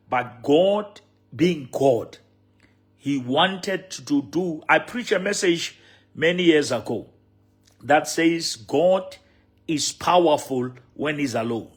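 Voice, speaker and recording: A man's voice: on the high side, husky. A man with a Sesotho accent preaching a sermon as a bishop, repeating key phrases with emphasis.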